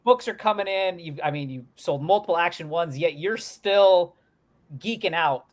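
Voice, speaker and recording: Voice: mid-range voice, normal speed. A podcast host reacting eagerly to a guest's stories in casual chat.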